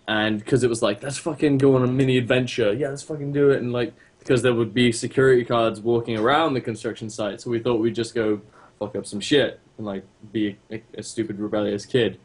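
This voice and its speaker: Male podcast co-host, lowish voice, casual and profane, loose with filler words. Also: flat delivery, moderate pace. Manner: casual, swears often, many fillers. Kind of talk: casual storytelling chat.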